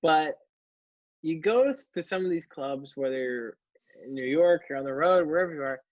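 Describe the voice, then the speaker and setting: Brief: male podcast host, higher pitch, thoughtful, dull dry sound. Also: animated, normal speed, no room sound. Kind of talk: casual podcast chat.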